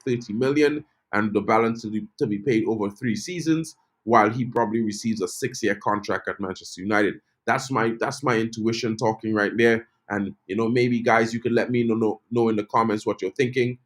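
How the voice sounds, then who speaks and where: A man's voice: fairly low pitch, steady tone, a little fast, hardly any pauses. Chatty man hosting football talk. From Trinidad and Tobago. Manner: chatty, peppered with "you know", reads viewer comments aloud. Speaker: football channel host. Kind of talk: casual live-stream football chat.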